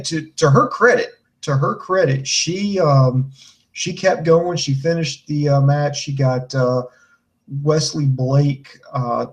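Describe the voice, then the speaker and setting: A man's voice: mid-range voice, a little mellow, rough recording. A man co-hosting a podcast, recapping a wrestling show with lots of fillers and crude jokes. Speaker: podcast co-host.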